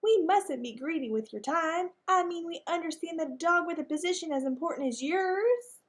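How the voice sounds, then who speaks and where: A woman's voice: very high-pitched, lively intonation, normal speed, pitched above the performer's own voice. A woman voicing a genteel mother dog who talks in an overly polite, sugary way.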